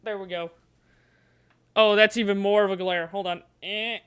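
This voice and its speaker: A woman's voice: medium pitch, fairly even intonation, moderate pace, fairly bright tone, clear, resonant tone, no room sound, clean studio sound. A woman streamer playing a gamebook on a livestream, chatting playfully and coaxing the dice.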